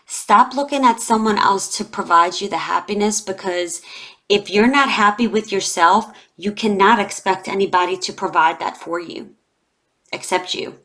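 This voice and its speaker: A woman's voice: medium pitch, normal speed, fairly bright tone. A woman in her forties, a tarot reader talking to camera in a heartfelt, confiding way, emotional and close to tears, with many "you know" fillers. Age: 40s. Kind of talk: emotional tarot reading vlog.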